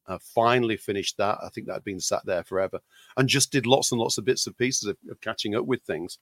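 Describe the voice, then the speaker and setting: A British man, a podcast co-host, chatting casually with a gravelly voice while recovering from illness, often repeating words. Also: fairly low pitch, fast talker, fairly bright tone, no room sound, studio quality. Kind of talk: casual chat.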